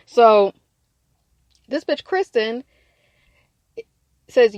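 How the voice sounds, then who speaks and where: A woman hosting a casual podcast that recaps a reality show, blunt and profane, animated, laughing in bursts. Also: medium pitch, normal speed, dry recording.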